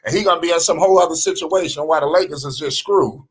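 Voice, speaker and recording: High-voiced animated man talking hoops. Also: rapid-fire, slightly rough. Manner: animated, profane, keeps asking "you understand?". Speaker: sports talk show host. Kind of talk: casual live sports talk.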